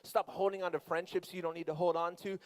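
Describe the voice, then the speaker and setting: A middle-aged man, a youth pastor, preaching a sermon and telling a family story in an animated, conversational way with quick asides. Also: high-pitched.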